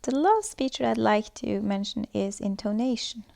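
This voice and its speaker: A woman giving a scripted lesson, explaining points in a measured way as she reads from notes. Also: a little high, creaky, mellow. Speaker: student presenter.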